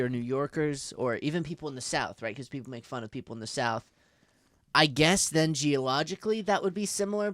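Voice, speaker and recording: An American man with a fairly high voice chats on a casual podcast, thinking out loud and wandering through his points. His speech is full of likes and restarts. The recording is dry and close. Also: dry recording. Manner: rambling, thinks aloud with many likes and restarts. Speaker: podcast co-host.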